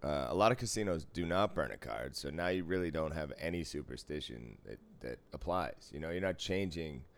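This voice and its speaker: A man from Boston with a Boston accent, telling profane, animated stories in casual chat about dealing casino games. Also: very deep voice, a little fast, gravelly. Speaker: casino dealer, podcast co-host.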